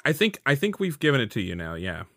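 A chatty game master explains the rules and jokes with the players, often laughing. The voice is mid-pitched and swings widely. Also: sing-song, quick pace, a bit bright, no echo. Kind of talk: tabletop role-play.

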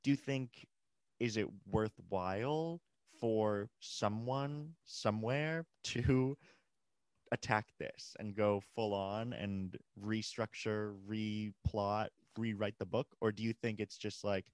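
A male podcast host with a somewhat low voice interviews a guest. He frames long, measured questions in a dry, close recording. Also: dry recording.

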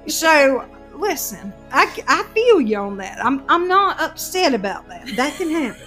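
A woman telling a story in casual chat, exasperated and animated. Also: sits high, measured pace, hardly any pauses, faint music behind.

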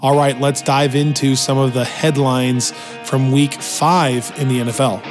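A man hosting a weekly football podcast, his voice worn out and hoarse, talking in an energetic, opinionated way. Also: mid-range voice, a little slow, over music. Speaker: podcast host. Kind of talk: casual sports talk. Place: hotel room in Las Vegas.

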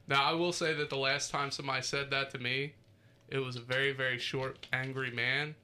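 A man's voice: mid-range voice, level tone, fairly quick, sharp tone, slight background noise. A man hosting a podcast, reading from a list and joking around casually with friends, swearing freely. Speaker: podcast host.

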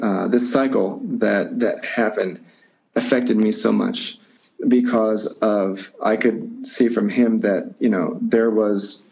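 A man with a low, gravelly voice tells a personal story in an interview, pausing often and circling back with fillers and restarts. The recording sounds dull and lo-fi. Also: darkish tone. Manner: halting, reflective, many fillers and restarts. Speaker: guest.

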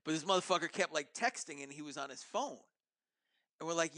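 A man with a fairly high voice chats loosely on a podcast, swearing freely as he rambles through stories. The sound is close and dry, with no room around it. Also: fairly quick, a bit bright, no echo. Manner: profane, rambling storytelling. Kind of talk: casual chat.

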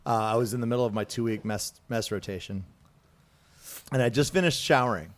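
A man's voice: mid-range voice, a little fast. A man, a Marine veteran co-hosting a casual podcast, telling a boot camp story with lots of profanity and acted-out quotes. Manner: profane, animated storyteller who acts out quoted voices. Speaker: podcast co-host.

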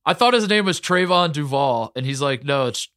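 Excitable man in rambling sports chat. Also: a little high, quick pace, clean tone, no echo, clean studio sound. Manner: excitable, rambling, many fillers. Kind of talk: casual sports talk.

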